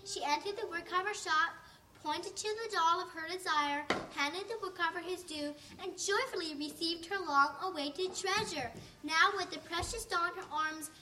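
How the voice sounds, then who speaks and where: A woman narrating a storybook in an expressive, lilting reading. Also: very high-pitched. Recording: distant mic, faint hiss.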